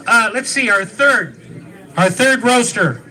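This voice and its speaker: High, bright-voiced roast emcee. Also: male voice, expressive, takes it slowly. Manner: joking, laughs at own lines, loose and chatty. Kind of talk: live event hosting.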